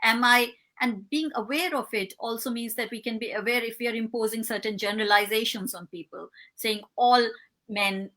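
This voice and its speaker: A woman guest in an interview, a behavioural scientist explaining ideas in measured, step-by-step answers. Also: on the high side, pushed and bright.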